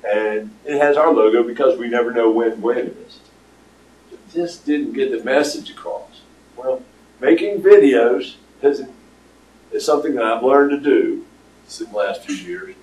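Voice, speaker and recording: An older man giving a casual, rambling pitch to an audience, with lots of fillers. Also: moderate pace, a little mellow. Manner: rambling storyteller with many fillers. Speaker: startup presenter. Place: meeting room with audience. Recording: roomy, distant room recording.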